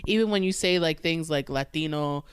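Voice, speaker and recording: A woman comic chats loosely on a podcast and tells stand-up stories, slipping into quoted voices as she goes. Her voice is smooth and clean. The sound is dry and close, with no room around it. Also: deep voice, normal speed, dry recording. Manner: animated storytelling with acted-out quotes. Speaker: stand-up comedian, podcast guest. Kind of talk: casual chat.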